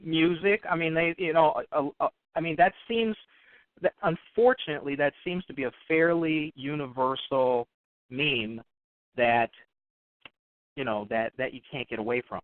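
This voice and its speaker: A man's voice: on the high side, moderate pace, no room sound. A man hosting a radio interview, speaking hesitantly and apologizing for cutting in. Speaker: radio host. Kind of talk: interview talk. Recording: tinny phone line.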